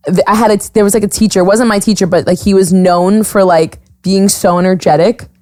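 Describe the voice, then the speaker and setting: A young woman hosts a casual podcast chat at an ordinary middle pitch. She talks bluntly and fast, laughing often as she acts out quoted exchanges. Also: fairly even intonation, dark tone. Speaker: podcast host.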